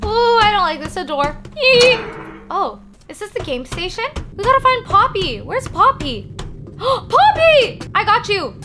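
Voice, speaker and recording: A young woman playing a horror game, reacting in a jumpy, excitable and panicky way. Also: very high voice, normal speed. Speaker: gaming channel host. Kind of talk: horror game let's play commentary. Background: game music.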